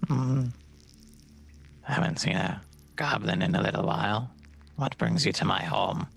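A man's voice: on the low side, measured pace, creaky, fairly bright tone, breathy edge, heavily acted. A man voicing a small, timid male goblin who stammers and half-whispers. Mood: shy.

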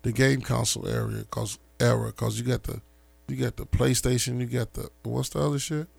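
A man with a deeply gravelly, crackling voice tells neighborhood stories in loose street slang, animated and laughing as he goes. The sound is dry and close, with no room around him. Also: a little fast, no echo. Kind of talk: casual storytelling chat.

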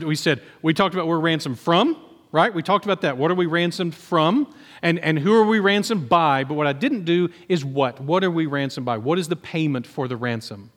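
A man preaching a sermon, moving between quiet scripture reading and excited outbursts. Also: a little high. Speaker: pastor. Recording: long hall reverb.

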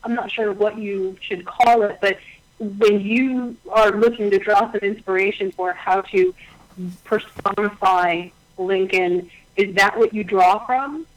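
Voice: medium pitch, steady tone, measured pace, dry recording, low-quality recording. A co-interviewer asking a question hesitantly, searching for words.

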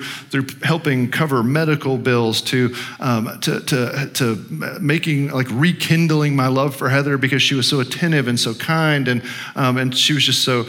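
A man's voice: medium pitch, fairly bright tone. A middle-aged man, a pastor, telling a personal story in a conversational, self-deprecating sermon with many restarts.

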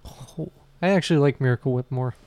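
A man's voice: mid-range voice, fairly quick, a little mellow, muffled recording. A man co-hosting a casual comedy podcast in a laid-back way, swearing freely and laughing often. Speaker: podcast co-host.

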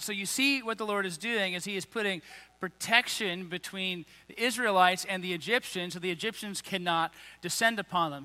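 High, bright preacher in a reverberant hall. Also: male voice. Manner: reads scripture then paraphrases it casually and emphatically. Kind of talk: sermon with scripture reading.

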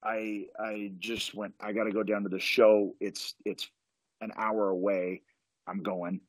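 A man's voice: fairly low pitch, level tone, unhurried, dry recording. A man, a professional wrestler, is a podcast guest. He tells a story with eager, rambling enthusiasm, full of restarts. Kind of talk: animated storytelling in casual chat.

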